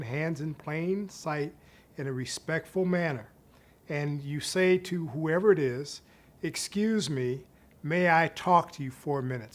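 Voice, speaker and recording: Middle-aged male professor, slightly high pitch, calm explanatory teaching delivery. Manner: measured, explanatory, slows down to stress key points. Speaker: psychiatry professor. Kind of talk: instructional talk.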